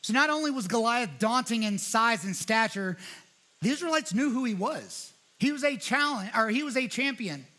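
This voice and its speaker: A man with a high, bright voice preaches a sermon as a guest pastor. He tells the story in a casual, conversational way and slips into voices for the quotes. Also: animated, normal speed.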